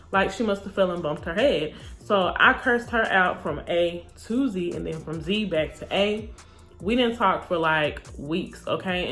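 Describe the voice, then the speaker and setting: Blunt, animated young woman telling a story. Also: on the low side. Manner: animated, blunt, cursing freely, acts out quotes. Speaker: storytime vlogger. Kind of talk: casual storytelling.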